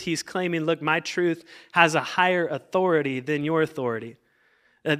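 A man's voice: on the high side, pushed and bright. A man pastor preaching a sermon, reading scripture aloud and urging the congregation to answer back. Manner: preaching with emphatic call-and-response to the congregation; reads scripture aloud between explanation.

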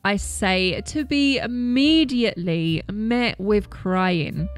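A woman narrating a first-person story in a measured, scripted read. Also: mid-range voice, big pitch swings. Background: faint background music.

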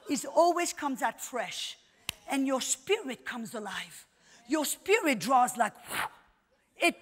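A woman preaching a sermon at a conference, swinging between hushed, intimate lines and emphatic shouts. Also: high-pitched, long reverb tail. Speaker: conference speaker. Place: conference hall.

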